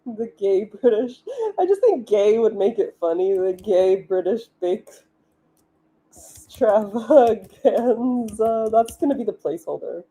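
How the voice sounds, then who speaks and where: Casual female streamer, mellow warm tone, mid pitch, chatty and giggly. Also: expressive, normal speed. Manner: chatty, giggly, many "like" fillers. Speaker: livestream host, author. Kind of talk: casual live-stream chat.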